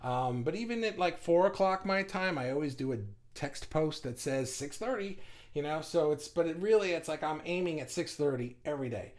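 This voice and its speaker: A fairly high-voiced man talking on his own live stream. He rambles and swears freely, and his delivery is animated. He reads viewer comments aloud and answers them on the spot. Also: brisk. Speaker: livestream host. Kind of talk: casual live-stream monologue.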